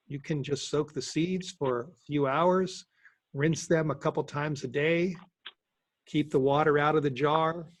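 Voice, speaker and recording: A man in his sixties hosting a casual question-and-answer webinar, talking in a relaxed, halting way with many restarts. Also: a little high, a little hiss or hum. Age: 60s. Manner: halting, repeats words, relaxed. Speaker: host.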